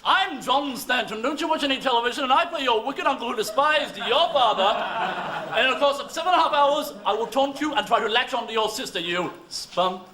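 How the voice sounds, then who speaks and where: A man's voice: extremely high pitch, expressive, a little fast, full character voice. A man playing a hammy actor who plays a wicked uncle and a schoolmaster, with theatrical, blustering delivery. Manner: shouting, theatrical villain bluster. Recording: echoey studio with laughing audience.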